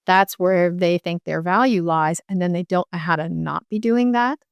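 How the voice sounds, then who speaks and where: A middle-aged woman with a lowish, smooth and resonant voice explains her work as a medical intuitive. She talks in long runs dotted with "you know" and restarts. The sound is close and dry. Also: normal speed, dry recording, highs cut off. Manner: explanatory, many fillers and restarts. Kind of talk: interview guest.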